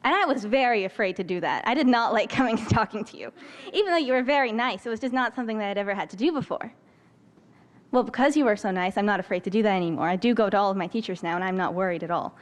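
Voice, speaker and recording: A teenage girl speaking quickly and earnestly, delivering a prepared tribute. She is articulate and sincere, with a voice at an ordinary pitch for a young woman. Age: late teens. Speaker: former student giving a tribute. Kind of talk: prepared farewell speech.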